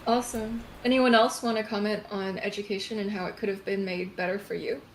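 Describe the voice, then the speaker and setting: A woman's voice: mid-range voice, steady tone, a little fast, rough recording. Woman host, curious questioner, faint background noise. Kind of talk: hosting a live panel.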